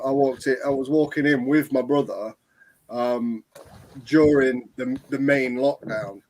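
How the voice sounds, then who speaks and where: A young man, rambling through a story with lots of pauses in casual chat. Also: medium pitch, darkish tone, poor audio. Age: young adult. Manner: rambling, lots of ums and likes.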